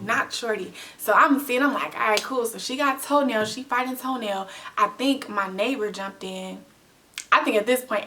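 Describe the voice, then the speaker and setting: A young woman telling a storytime vlog in a casual, animated way, full of slang and acted-out quotes. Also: medium pitch, distant mic. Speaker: vlogger.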